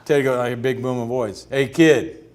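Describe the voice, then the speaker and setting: Animated retired ballplayer telling stories. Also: male voice, medium pitch, fast talker, slight background noise. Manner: animated, laughs through his stories. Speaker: interview guest, retired pitcher. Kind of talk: storytelling in a sit-down interview.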